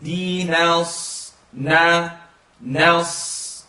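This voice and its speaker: A man's voice: on the high side, fairly even intonation, pushed and bright, reverberant, recorded from a distance. A man teaching pronunciation of a recited text, drawing out each syllable and chanting phrases as he demonstrates. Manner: slow drawn-out demonstration of sounds, chanting recitation. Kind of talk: pronunciation lesson.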